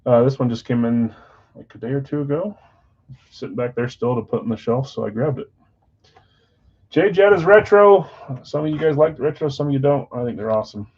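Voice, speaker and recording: A man's voice: medium pitch, fast, breathy edge. A man hosting a live sports card break stream, chatting casually with viewers and reading their comments aloud. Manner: chatty, counts down excitedly, reads viewer chat. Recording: slightly dull lo-fi stream audio.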